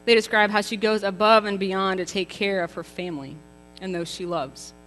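A woman in her thirties delivers a contemporary sermon, her voice bright and forward. She talks in a chatty, emphatic way, tossing rhetorical questions to the congregation. The sound carries a long church-hall reverb, with soft music faintly underneath. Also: medium pitch, steady tone, moderate pace. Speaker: preacher. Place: church sanctuary.

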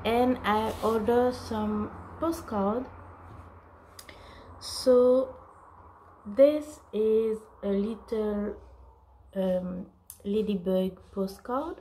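Slow, halting woman with a mellow voice. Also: mid-range voice, poor audio. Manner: halting, searching for words; apologetic. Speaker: vlogger. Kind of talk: casual haul video.

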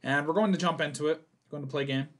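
A young man playing a horror game for his channel, reading the notes aloud, swearing and yelling when startled. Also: a little high, fast. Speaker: gaming YouTuber. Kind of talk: horror game let's play commentary.

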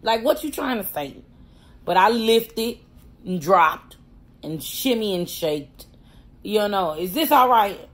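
A woman tells a story in a relaxed vlog, straight to the camera. She is animated and slangy, and laughter keeps breaking into her telling. Her voice sits at an ordinary middle pitch for a woman. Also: takes it slowly, pauses often. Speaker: pastor and prison wife.

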